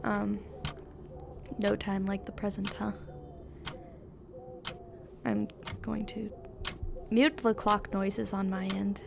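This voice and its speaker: A woman's voice: medium pitch, little pitch movement, slow, gravelly, pauses often, noisy background. A sleepy woman gaming streamer reading a text game aloud, chatting and giggling between passages. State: sleepy, yawning.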